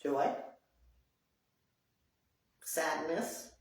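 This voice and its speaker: A woman's voice: sits low, lively intonation, very slow, recorded from a distance. A woman leading a support group talk, speaking earnestly and repeating her phrases for emphasis. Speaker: group session leader. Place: group meeting room. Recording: very echoey room, voice off-mic.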